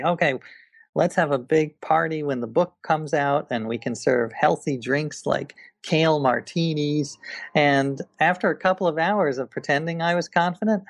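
A man's voice: medium pitch, vocal fry, dry recording. A man, an author and guest, talking in a casual interview, telling stories with enthusiasm and frequent restarts.

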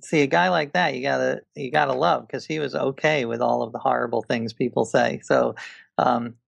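A man's voice: medium pitch, fairly even intonation, normal speed, creaky, no echo. A man, an author and guest, talking in a casual interview, telling stories with enthusiasm and frequent restarts.

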